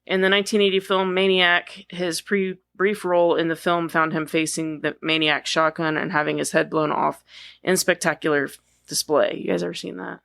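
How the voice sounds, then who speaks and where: A woman's voice: on the low side, flat delivery, moderate pace, vocal fry, fairly bright tone. A woman co-hosting a casual film podcast, reading a profile aloud and now and then stumbling over words before correcting herself. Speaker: podcast co-host.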